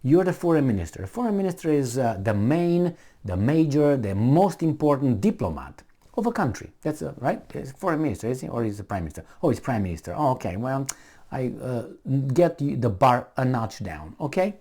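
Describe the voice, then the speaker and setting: A man's voice: mid-range voice, big pitch swings, brisk, dark tone. A man giving a heated, sarcastic running commentary, mocking and arguing with the people he talks about. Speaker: political commentator. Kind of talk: ranting video commentary.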